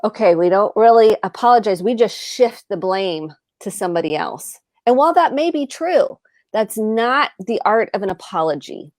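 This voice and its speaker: A woman's voice: medium pitch, expressive, moderate pace, darkish tone, dry recording, clean studio sound. A middle-aged woman therapist giving earnest advice, often listing words and acting out short example dialogues. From United States. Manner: earnest, speaks in lists, acts out example dialogue. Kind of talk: explaining tips on a live show.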